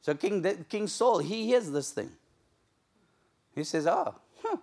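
Animated preacher man. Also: high-pitched, measured pace. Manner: animated storytelling preacher, acts out the characters' lines. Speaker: pastor. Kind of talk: sermon. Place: church sanctuary.

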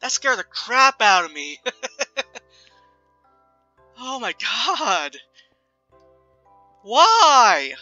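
A young man giving casual, chatty commentary while playing a building game, jumpy and self-mocking and quick to laugh. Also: sits high, big pitch swings, bright, forceful tone, no room sound, muffled recording, faint music behind. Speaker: gaming video creator.

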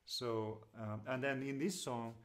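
A man teaching devotional singing, explaining slowly and gently with many pauses and fillers, and stopping now and then to sing a line. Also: mid-range voice, fairly even intonation. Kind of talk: lecture with sung examples.

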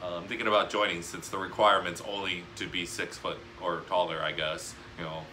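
A man's voice: low voice, little pitch movement, a little fast, sharp tone, a little hiss or hum. A man ranting in a casual chat as a podcast guest, swearing and laughing often.

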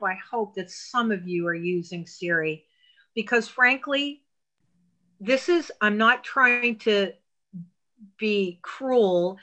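Speaking at an unhurried pace, a woman with a bright, forward, medium-pitched voice teaches an online phone class. She gives patient, step-by-step instructions punctuated by emphatic asides.

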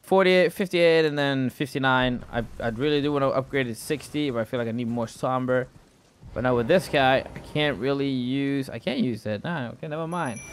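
A man's voice: mid-range voice, fairly quick. A man giving live gameplay commentary as a gaming YouTuber, rambling and repeating words, with frequent exclamations. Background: background music.

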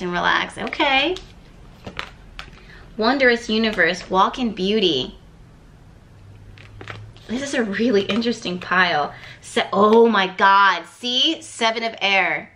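A woman's voice: mid-range voice, sharp tone, slight background noise. A woman giving a casual tarot reading to camera, thinking aloud and rambling with lots of fillers and repeated words. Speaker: tarot card reader.

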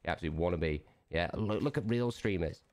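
A man with a somewhat low voice rants at a viewer during a game stream. He is aggressive and profane and keeps firing off challenging "yeah?"s. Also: brisk. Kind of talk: angry livestream rant.

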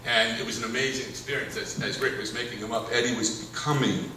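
A man's voice: medium pitch, quick pace, slight background noise. A man, a film director, telling rambling anecdotes on stage with frequent chuckles, taped from the audience. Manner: rambling, chuckling, animated storyteller. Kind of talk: anecdotal Q&A storytelling. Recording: echoey hall, taped from far off in the audience. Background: audience laughter and room ambience.

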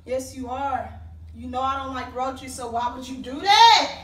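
A woman's voice: high voice, animated, a little slow, a bit bright. A woman being pranked by her husband at home, shrieking, laughing and pleading in a frantic home video. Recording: echoey room, faint noise.

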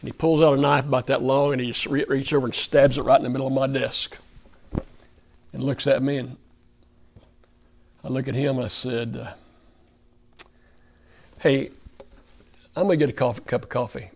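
A man's voice: mid-range voice, level tone, brisk, pauses often, a little mellow. A man with an Oklahoma accent preaching a folksy, conversational sermon in a church fellowship hall, putting questions to the room.

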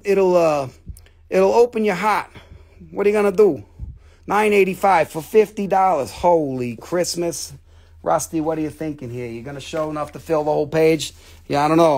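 Playful high-voiced man selling rocks. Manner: playful, rambling, joking, repeats himself. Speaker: host selling rocks and crystals on a live stream. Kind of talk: live sales pitch.

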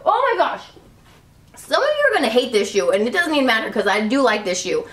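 A woman's voice: a little high, wildly swooping pitch, fast, a bit bright, recorded from a distance, slight background noise. A woman in her thirties reviewing her favorite beauty products in a gushing, chatty way. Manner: gushing, chatty, full of "like" and "love". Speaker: beauty vlogger. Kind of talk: casual product review chat. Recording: roomy, a little off-mic.

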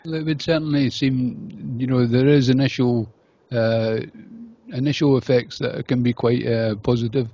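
A male radio host with a warm, husky voice, speaking loosely and padding his lines with uhs. The audio is dull and lo-fi. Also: mid-range voice, fairly even intonation, normal speed, no room sound. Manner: loose, rambling delivery with many uhs. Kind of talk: radio interview hosting.

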